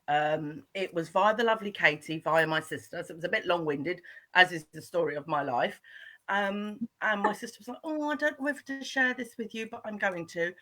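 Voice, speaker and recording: A woman from the UK, a guest author, tells her story in a lively way, breaking into laughter easily. Her voice is bright. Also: on the low side. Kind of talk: interview chat.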